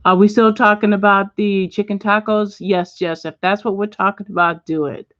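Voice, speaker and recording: A middle-aged woman hosting a casual livestream, chatting and reading viewer comments out loud at home. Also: medium pitch, fairly even intonation, moderate pace, no room sound. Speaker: livestream host. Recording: dull lo-fi dry sound.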